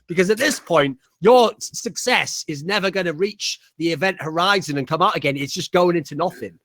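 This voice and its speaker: A young man co-hosting a podcast, roasting people in profane, rapid-fire banter. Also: high voice, a bit bright. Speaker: podcast co-host.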